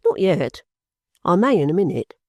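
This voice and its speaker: Guy doing a puffy jumpy old clerk voice, pops up high and loud in bursts, dark dry sound. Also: big pitch swings, no room sound. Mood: emphatic. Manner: quick, high, snorting bursts. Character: excitable puffing older male clerk. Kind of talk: audiobook character voice.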